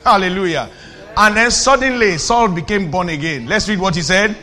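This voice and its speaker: High, forceful preaching man. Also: animated, normal speed. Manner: fervent, builds to shouted declarations; teasing, asks the audience questions. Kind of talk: sermon.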